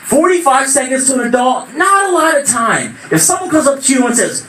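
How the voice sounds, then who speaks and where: High-voiced young man doing stand-up. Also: a little fast, few pauses. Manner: animated storytelling, bursts into shouted voices. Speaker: stand-up comedian. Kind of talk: open mic stand-up routine. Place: small venue at open mic night. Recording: echoey room, far from mic, noisy.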